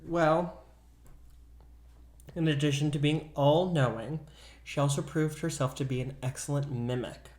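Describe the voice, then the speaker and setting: A man co-hosting a podcast, telling a ghost story in an animated, casual way and acting out voices. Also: a little high, measured pace, pauses often, roomy sound. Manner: animated, acts out voices in quotes. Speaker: podcast co-host.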